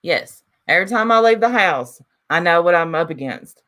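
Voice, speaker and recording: A woman's voice: lowish voice, expressive, normal speed, a bit bright. A woman in her forties hosting a casual livestream, chatting and reading viewer comments aloud. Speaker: livestream host reading chat.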